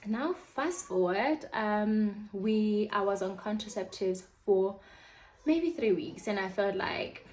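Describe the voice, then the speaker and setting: A woman's voice: mid-range voice, expressive, takes it slowly, darkish tone, poor audio. A young woman vlogger telling a candid personal storytime, chatty and open, acting out her own past reactions in quoted asides.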